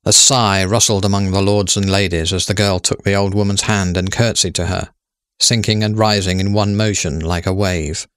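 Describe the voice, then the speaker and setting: A man narrating a story in a measured, steady way. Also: low voice, clear, resonant tone, dry recording, studio quality.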